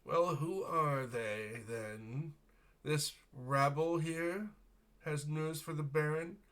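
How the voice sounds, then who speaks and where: A man's voice: a little high, takes it slowly, a bit bright, pitched above the performer's own voice. A man voicing a haughty, gaunt, well-dressed official who sneers at visitors as rabble. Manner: sneering, condescending.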